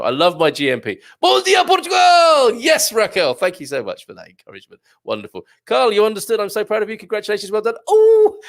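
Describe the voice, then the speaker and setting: Chatty man hosting a live show. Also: a little high. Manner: chatty, jokey, with frequent fillers and laughs. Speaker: livestream show host reading viewer comments. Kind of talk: casual live chat.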